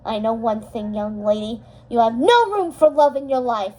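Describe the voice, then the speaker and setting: A woman's voice: a little high, normal speed, close to an everyday voice, poor audio. Maleficent, a woman voicing a sneering evil sorceress. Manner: sneering, mocking, bursts into shouts. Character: scornful evil sorceress mother, haughty and theatrical. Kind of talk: storybook read-aloud.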